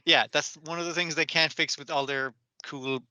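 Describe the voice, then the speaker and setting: A man's voice: a little high, steady tone, moderate pace, sharp tone, smooth, dry recording. A man co-hosting an anime podcast, chatting casually and swearing a lot while acting out characters' lines. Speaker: podcast co-host. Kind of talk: casual chat recapping anime.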